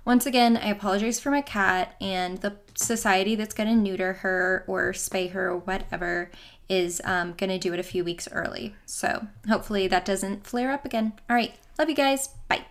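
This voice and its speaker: In this casual chat, a young female podcast host talks from home, wandering between thoughts and leaning on lots of fillers. She has a mid-range voice and keeps a moderate pace.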